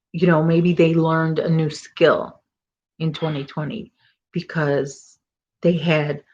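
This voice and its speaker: A woman's voice: deep voice, highs cut off. A middle-aged woman hosting a casual crochet live stream, chatting and rambling as she reads viewer comments. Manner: chatty, rambling, self-correcting. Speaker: crochet channel host.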